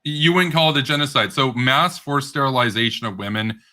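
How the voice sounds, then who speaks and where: A man's voice: mid-range voice, a little fast, pushed and bright. A man hosting a heated online debate, combative and interrupting, often laughing scornfully. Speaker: debate host.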